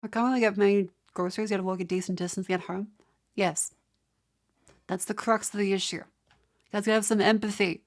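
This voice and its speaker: A young Australian woman talks casually to her live-stream chat. She rants in an exasperated way and swears freely, with a mid-pitched voice. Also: fairly even intonation, quick pace, pauses often.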